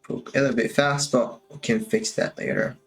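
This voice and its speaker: A man's voice: medium pitch, fairly even intonation, moderate pace, soft background music. A man casually thinking aloud as he walks through his animation work on a stream, musing and drifting a little, with a touch of self-amusement.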